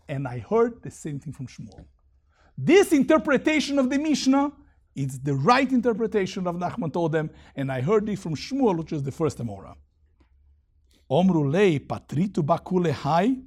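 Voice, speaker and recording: A man teaching a Talmud lesson, reading Aramaic passages and explaining them in lively English. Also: on the high side, normal speed, slightly rough.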